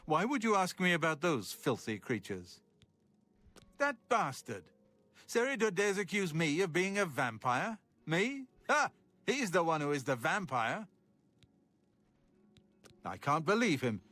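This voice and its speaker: A man's voice: fairly high pitch, big pitch swings, measured pace, pauses often, bright, forceful tone, dry recording, soft background music, exaggerated voice. A man voicing a nervous, defensive recluse in a fantasy video game, bristling with indignation and then pleading to be understood. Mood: indignant. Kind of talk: video game character dialogue. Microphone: studio voice recording.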